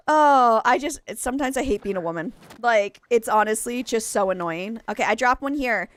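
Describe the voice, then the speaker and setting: A woman's voice: fairly high pitch, lively intonation, normal speed, few pauses, dry recording. A young adult woman streaming a game, chatting casually in a rambling way, full of exclamations and restarts. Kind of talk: casual chat while gaming live.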